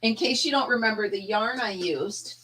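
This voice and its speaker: A woman's voice: medium pitch, normal speed, sharp tone, a little hiss or hum. A woman hosting a casual live chat, tired and yawning, chatty and laughing often as she talks to her viewers. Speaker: livestream host.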